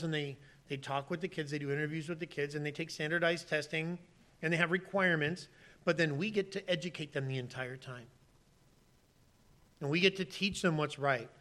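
High bright voice, man preaching a sermon, animated, jumps into loud pleading voices then goes quiet. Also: a little fast. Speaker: pastor.

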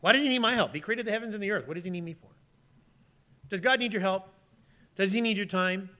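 With a high voice and a fast pace, a pastor who seems to be in his thirties preaches animatedly, playing pleading voices in abrupt loud outbursts and then slipping into hushed asides.

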